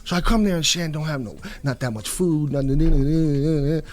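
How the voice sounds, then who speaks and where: A middle-aged man from Canada, telling stories as an interview guest and acting out quotes in bursts of louder, higher voices, laughing often. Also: normal speed. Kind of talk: casual storytelling interview.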